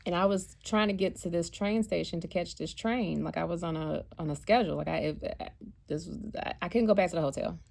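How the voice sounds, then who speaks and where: An American woman telling a personal travel story in a chatty, animated way, acting out what people said. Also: fairly low pitch, fairly quick, gravelly. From United States. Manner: chatty, animated, acts out quotes. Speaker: vlogger and spiritual card reader. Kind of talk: casual storytelling.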